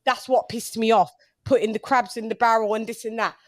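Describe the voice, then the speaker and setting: Emphatic high-voiced woman host. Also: fairly even intonation, brisk, dry recording, studio quality. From England. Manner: emphatic, repeats herself for effect, slangy. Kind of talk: call-in sports show.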